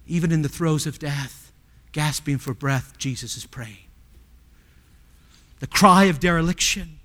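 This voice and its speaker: High-voiced preacher in a reverberant hall. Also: male voice, a little slow, long pauses. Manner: asks the congregation rhetorical questions, swings from hushed to loud. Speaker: pastor. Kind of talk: sermon.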